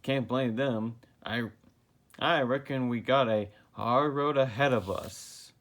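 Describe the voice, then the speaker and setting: A spunky cartoon squirrel gal talks in a folksy drawl, voiced by a man. She sounds determined and plain-spoken. The pace is slow and even. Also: mid-range voice. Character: plucky female cartoon squirrel with a country drawl.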